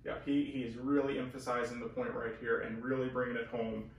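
Speaking briskly with medium pitch and little pitch movement, a man co-hosts a conversational Bible teaching. He's earnest and emphatic, restarting as he goes. The audio is from a far-off camera mic in an echoey room with a faint hiss.

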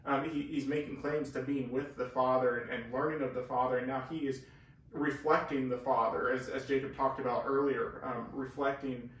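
A man's voice: mid-range voice, flat delivery, moderate pace, a bit bright. A man teaching the Bible in a casual, earnest way, explaining and leaning hard on key words. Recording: very echoey room, far from the mic.

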